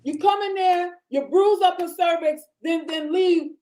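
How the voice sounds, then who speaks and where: A woman's voice: extremely high pitch, unhurried, warm tone, poor audio. A woman delivering an impassioned, profane rant full of rhetorical questions. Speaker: commentator in a played clip.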